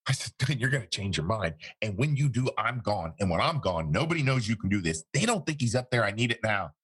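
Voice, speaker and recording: A man's voice: fairly low pitch, sing-song, fast talker, a bit bright, breathy edge. A man, a former interrogator, telling a story in an interview and acting out the quoted dialogue.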